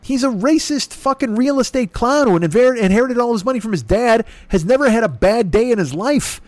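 A man hosting a podcast, delivering a profane, exasperated comedic rant in an animated, sweary way. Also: very high voice, fairly quick, dry recording. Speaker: podcast host.

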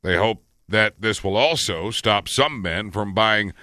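A man's voice: fairly low pitch, a little slow, bright, forceful tone, no echo. A man co-hosting a radio show, reading news items and adding dry quips.

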